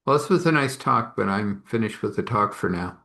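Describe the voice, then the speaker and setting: A man voicing an ancient, reclusive, ceremonial woman who replies slowly and softly, in a storytelling reading. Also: on the low side, lively intonation, gravelly, exaggerated voice. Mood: calm.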